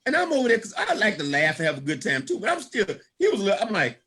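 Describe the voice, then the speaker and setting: A man's voice: sits high, huge pitch swings, fast, bright, forceful tone, breathy edge. A man giving a motivational storytelling talk at a business event, laughing often and calling out praise in a folksy, preacher-like way. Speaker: guest speaker at a business opportunity event.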